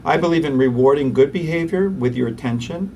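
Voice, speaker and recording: Lively guy doctor explaining toddler stuff, kinda far from the mic, light background hiss. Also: on the high side. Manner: animated, acts out parents and toddlers in quick voices. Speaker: pediatrician, guest. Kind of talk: conversational interview.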